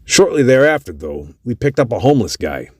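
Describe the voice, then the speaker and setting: Profane, animated male storyteller. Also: mid-range voice, brisk, dry recording. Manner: profane, animated, lots of cursing. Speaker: podcast host. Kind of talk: casual storytelling.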